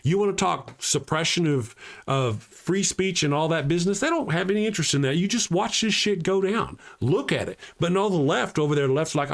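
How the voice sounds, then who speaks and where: A man's voice: high-pitched, lively intonation, brisk, few pauses. A man hosting a live-streamed talk show, ranting heatedly and answering chat comments aloud from home.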